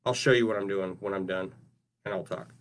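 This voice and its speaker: Speaking a little fast with fairly even intonation, a low-pitched man rambles casually on a livestream about the craft he's working on. He has a habit of ending his sentences with "right?"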